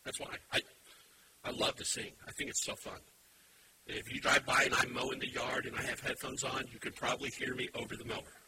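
A man preaching a sermon as pastor, emphatic, swinging from quiet asides to loud shouted points. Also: mid-range voice, a little fast. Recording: steady background hiss.

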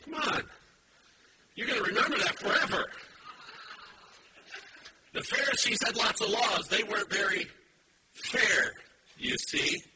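A male pastor preaches in a high voice that leaps up and down with lively emphasis, throwing in playful wordplay for his congregation. A noticeable hiss of background noise runs under the recording. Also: normal speed, pauses often, recorded from a distance. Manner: animated and emphatic, with playful puns. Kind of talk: sermon. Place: church with a live congregation.

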